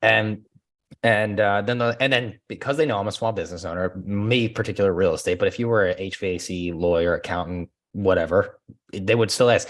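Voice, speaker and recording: Fast-talking, low-voiced man telling stories. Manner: laughs often, acts out phone calls in lively voices. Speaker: guest, former real estate agent. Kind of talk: casual podcast conversation.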